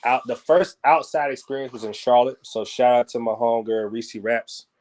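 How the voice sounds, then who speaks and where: A man talking as a guest musician in a casual interview, rambling loosely and peppering his talk with "you know what I'm saying", growing animated when he makes a point. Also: moderate pace. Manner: grows animated and higher when making a point.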